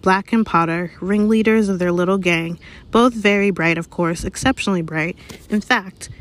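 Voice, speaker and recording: A woman reading aloud, voicing a stern, sharp older female teacher in a crisp, clipped manner. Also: mid-range voice, moderate pace, natural voice. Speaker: reader. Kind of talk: read-aloud audiobook.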